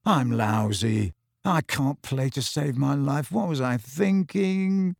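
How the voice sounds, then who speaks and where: Croaky gloomy teen boy voiced by a male narrator, storybook, dry read. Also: mid-range voice, slow pace, dry recording. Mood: miserable. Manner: croaky, miserable. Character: nervous teenage boy, gloomy.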